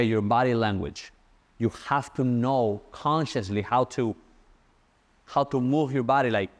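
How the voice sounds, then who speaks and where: A young man giving a casual sales-coaching talk, fast and animated, repeating his key points. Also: mid-range voice.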